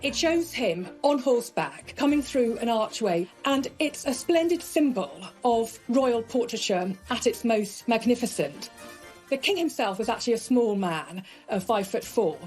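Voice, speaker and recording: A woman's voice: fairly high pitch, animated, measured pace, darkish tone, soft background music, rough recording. A woman art expert speaking in a documentary interview, explaining articulately with occasional fillers.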